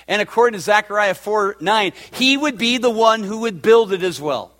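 A man in the pulpit delivers a sermon in a fairly high voice. He builds to loud, fervent peaks and then drops to a soft, emotional hush. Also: lively intonation, moderate pace. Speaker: pastor.

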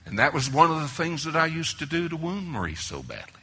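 Animated preacher man, husky bright voice. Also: normal speed, few pauses. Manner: animated storytelling, swinging between loud exclamations and low near-whispers. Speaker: preacher at a marriage conference. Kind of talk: sermon.

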